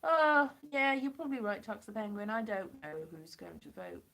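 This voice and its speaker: A hoarse woman from the United Kingdom rambling and joking as she chats with viewers on a live stream through a computer mic. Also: mid-range voice, expressive, a little fast. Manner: rambling and jokey, chatting to viewers. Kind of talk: casual live-stream chat answering viewers.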